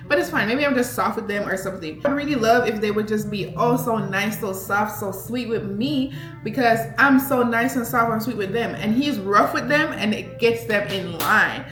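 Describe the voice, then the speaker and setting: Woman, casual storytime vlogger; expressive, laughs easily, slightly high voice, echoey sound with music underneath. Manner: animated, expressive storyteller who laughs often. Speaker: vlogger mom. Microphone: handheld camera.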